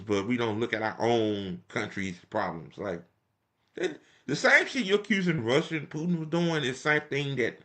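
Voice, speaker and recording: A man's voice: mid-range voice, pushed and bright. A young man reacting to a political speech in casual, profane, mocking commentary.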